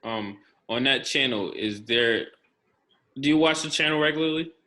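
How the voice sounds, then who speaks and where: A man's voice: mid-range voice, moderate pace, bright, forceful tone. A man co-hosting a casual podcast who puts short, probing questions to his friend. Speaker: podcast co-host.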